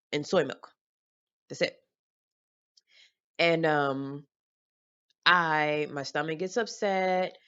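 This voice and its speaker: A woman's voice: on the low side, a bit bright, smooth, dull audio. A woman talking to her camera in a casual home vlog, rambling candidly with fillers, swearing and laughter. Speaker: vlogger. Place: home room lit by daylight. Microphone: camera mic.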